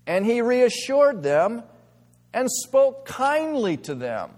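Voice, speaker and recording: A man preaching a sermon as pastor, earnest, moving between quiet reflection and emphatic stress. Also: very high-pitched, very animated, slow. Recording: long reverb of a large hall.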